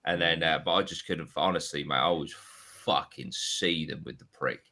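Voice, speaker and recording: Bright-voiced swearing man. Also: a bass voice, moderate pace. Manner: animated, swearing storyteller. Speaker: podcast co-host. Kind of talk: casual chat.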